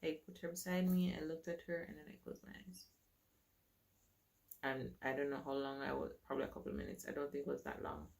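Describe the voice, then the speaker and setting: A woman telling her own story to camera in a casual, animated way, acting out what others said to her. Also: low voice, fast, vocal fry.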